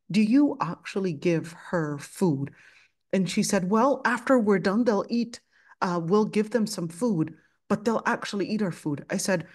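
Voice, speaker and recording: A woman's voice: medium pitch, darkish tone. A woman teaching an Islamic studies class, telling a personal story with passion and acting out both sides of the conversation. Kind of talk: storytelling lesson with quoted dialogue.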